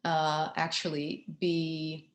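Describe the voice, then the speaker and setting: A woman giving a conference talk, speaking in a measured way with frequent ums and small restarts. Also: deep voice, monotone, reverberant.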